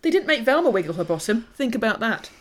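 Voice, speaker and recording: A woman's voice: fairly high pitch, sing-song, fast. A woman co-hosting a podcast, chatting casually with wry, self-mocking humour and playful asides. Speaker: podcast co-host. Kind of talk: casual chat reviewing a cartoon.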